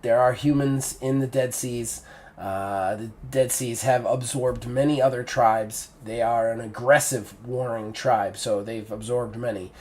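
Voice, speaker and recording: A man's voice: mid-range voice, steady tone, a little slow, darkish tone, voice pushed down, lightly acted. A man voicing a composed, teasing female faction leader in a live-play tabletop game. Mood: persuasive.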